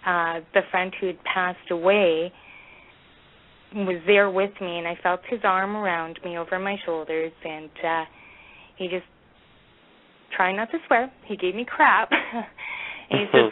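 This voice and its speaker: A woman with a Canadian accent calls in to a talk radio show and tells her story in a chatty, laughing way. Her voice sits a bit low. It comes through a thin, tinny phone line. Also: steady tone, unhurried. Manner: chatty, laughs between phrases. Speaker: caller. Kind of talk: telling a personal story on a call-in show.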